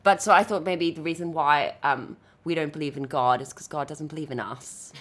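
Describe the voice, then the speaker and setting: A woman's voice: sits low, a little fast. A woman co-hosting a casual chat, playful and laughing often. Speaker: podcast co-host.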